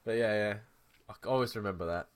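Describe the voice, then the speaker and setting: A man's voice: fairly low pitch, fast talker, clear, resonant tone. Sweary English man telling stories. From England. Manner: sweary, storytelling, laughs often. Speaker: podcast co-host. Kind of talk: casual chat.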